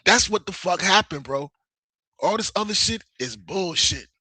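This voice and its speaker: Brief: fired-up male livestream host, bright and husky, swearing a lot. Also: sits high, moderate pace, dry recording. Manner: heated, profane, animated. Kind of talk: casual livestream rant.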